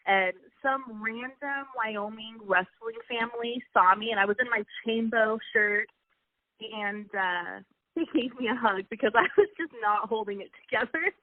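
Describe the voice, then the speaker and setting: A woman's voice: a little high, a little slow, dry recording. Young woman guest chatting, emotional, lots of restarts, sounds like a phone line, dry. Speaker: interview guest, wrestling coach's wife. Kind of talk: casual personal storytelling.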